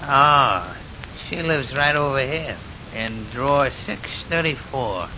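An actor playing a cheerfully morbid morgue attendant in an old radio drama, joking in a folksy way. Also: male voice, mid-range voice, animated, slow pace. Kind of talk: 1940s radio acting. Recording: dull, noisy old radio recording.

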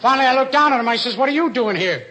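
A man telling rapid stand-up jokes in deadpan one-liners, on an old broadcast recording. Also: very high voice, very noisy. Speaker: stand-up comedian.

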